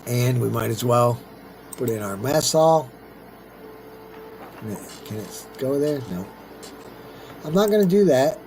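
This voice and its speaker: This middle-aged let's-play host has a medium-pitched, somewhat dark voice with lively intonation, speaking slowly and pausing often. He chats casually about his own strategy gameplay, rambling and talking to himself as he plays, with slight background noise.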